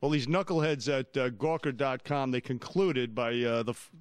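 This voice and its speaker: A man's voice: mid-range voice, moderate pace, smooth, no room sound. A middle-aged man co-hosting morning radio, reading news items and cracking jokes. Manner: wisecracking, reads items aloud. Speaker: radio co-host and newsreader.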